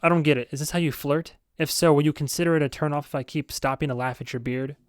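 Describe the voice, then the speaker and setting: A man voicing a blunt, sardonic young woman in a deadpan, sarcastic manner, close to his own voice. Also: fairly high pitch, quick pace, no room sound, lightly acted. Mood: mocking. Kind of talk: audiobook character voice.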